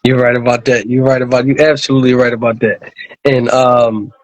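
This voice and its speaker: A man hosting an interview who asks long, halting questions full of fillers and repeats, and keeps affirming the guest. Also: mid-range voice, level tone, dry recording, rough recording. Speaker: interview host. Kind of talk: casual interview.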